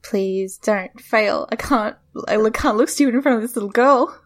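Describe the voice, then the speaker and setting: A woman's voice: fairly high pitch, fast talker. A woman playing a tabletop game, describing her character's actions with many fillers and restarts. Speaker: player.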